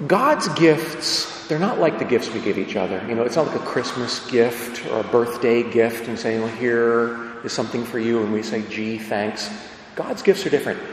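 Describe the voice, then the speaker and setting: A male preacher delivers an earnest, conversational sermon, his pitch rising and falling in lively sweeps. His voice rings through a large church with a long, echoing tail. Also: a little hiss or hum. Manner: earnest, conversational preaching with vivid acted quotes. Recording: echoey church hall.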